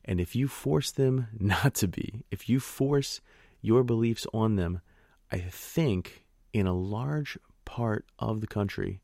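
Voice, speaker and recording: A man's voice: lowish voice, slow pace, vocal fry, dark tone, dry recording, studio quality. A man from the northern United States hosting a political podcast, delivering an emphatic, indignant monologue with sarcastic asides. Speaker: podcast host.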